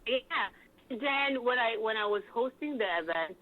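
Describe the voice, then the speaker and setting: A woman's voice: fairly high pitch, moderate pace. Hyped-up woman MC on a tinny line. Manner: animated, hyped storytelling with many fillers. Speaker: event host and MC. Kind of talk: lively interview chat.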